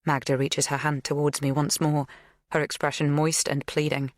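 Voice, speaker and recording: A woman reading a thriller audiobook in measured, scripted first-person narration. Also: deep voice, flat delivery, dry recording, clean studio sound.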